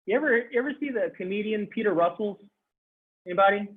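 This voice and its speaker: A man teaching a Sanskrit class online, animated, repeating phrases and laughing as he explains. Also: high-pitched, fast talker, breathy edge. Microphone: video call. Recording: tinny video-call audio.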